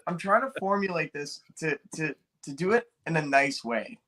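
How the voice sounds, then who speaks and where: Hesitant young podcast co-host. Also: male voice, on the high side, animated, normal speed, a crowd in the background. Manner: hesitant, searching for words. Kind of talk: casual podcast chat.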